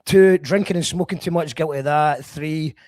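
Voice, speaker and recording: A man's voice: fairly high pitch, moderate pace, darkish tone. A man hosting a casual chat, self-deprecating and chatty. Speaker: podcast host.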